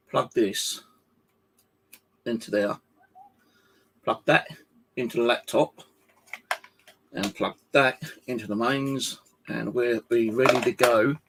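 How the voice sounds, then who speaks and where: A man's voice: mid-range voice, husky. A man, talking casually to camera at home, rambling and swearing in an aggrieved way. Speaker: vlogger. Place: home flat indoors.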